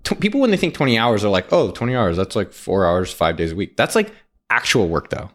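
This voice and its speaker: A young man hosting a podcast, asking probing questions in an animated, laughing casual chat. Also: on the low side, fairly quick. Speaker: podcast host.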